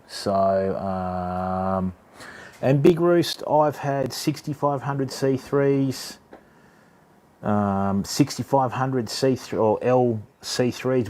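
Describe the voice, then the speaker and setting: Aussie bloke on a fishing stream, chatting to viewers, calls everyone mate, mid pitch. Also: male voice, darkish tone. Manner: chatty, matey, addresses chat as mate and fam. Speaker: livestream host of a fishing channel. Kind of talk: casual livestream chat with viewers.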